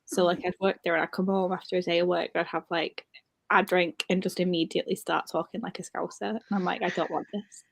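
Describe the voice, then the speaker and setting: Friend on call: northern English woman, gravelly edge, dry close sound, wry storyteller. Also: on the low side, level tone, fast talker, no echo. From northern England, near Wigan. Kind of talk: casual chat.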